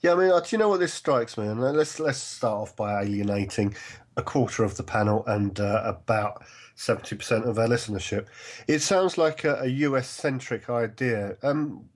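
A man joins a casual panel discussion with a husky, breathy voice. He makes his points with wry, dry humour and firm opinions, at a middle pitch. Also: normal speed. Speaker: panel guest.

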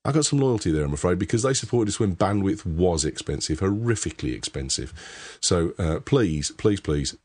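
A man's voice: low-pitched, lively intonation, brisk, few pauses, a little mellow, breathy edge. A man from England with a Birmingham accent, hosting a casual tech podcast and rambling through sponsor thanks with plenty of restarts. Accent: Birmingham English. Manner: chatty, rambling with many restarts and laughs. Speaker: podcast host.

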